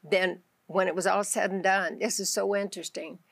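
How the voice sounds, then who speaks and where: A woman's voice: mid-range voice, steady tone, normal speed, creaky, no room sound. A woman with a Texan accent, a guest on a Christian talk show, telling her faith story with animation and acting out her own prayers. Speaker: guest author.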